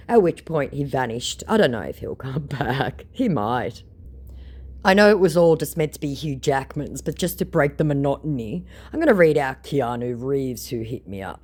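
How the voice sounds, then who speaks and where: A woman's voice: a bass voice, animated, normal speed, a little mellow. A woman with an Australian accent, telling her story in a dry, mocking way as a scambaiter. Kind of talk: sarcastic storytelling.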